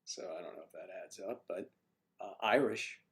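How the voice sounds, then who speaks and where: A man's voice: low-pitched, steady tone, fast, darkish tone. A man hosting a casual livestream from home, nursing a cough as he rambles and jokes with his viewers. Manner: rambling, chatty, joking with the chat. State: has a cough. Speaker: livestream host. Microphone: microphone on a stand he keeps adjusting.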